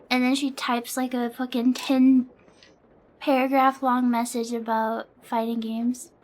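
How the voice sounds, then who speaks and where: Sleepy high-voiced woman streamer. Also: little pitch movement, slow, pauses often, a little mellow. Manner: rambling, swears freely, frequent fillers. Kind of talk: casual stream chat.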